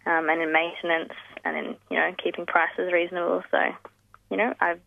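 A woman's voice: on the low side, little pitch movement, fairly quick, vocal fry, dry recording. A woman speaking earnestly as a campaign spokesperson in a phone interview, with fillers and restarts. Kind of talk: phone interview on community radio. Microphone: telephone. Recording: tinny phone line, dry.

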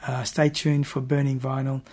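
A man presenting a music radio show in a relaxed, halting way with many fillers. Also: mid-range voice.

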